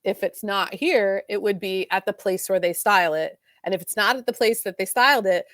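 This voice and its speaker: A woman co-hosting a podcast, retelling a soap opera plot in a quick, animated casual chat full of "like"s. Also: mid-range voice, no echo, studio quality. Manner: fast, animated retelling with many "like"s. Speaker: podcast co-host.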